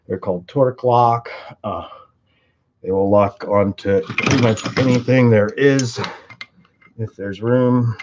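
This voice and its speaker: A man who makes tool and engine videos rambles casually through a workshop demonstration, joking and cursing as he handles his tools. He talks slowly at a medium pitch and pauses often, with noise in the background. The audio is muffled, but the clicking is clear.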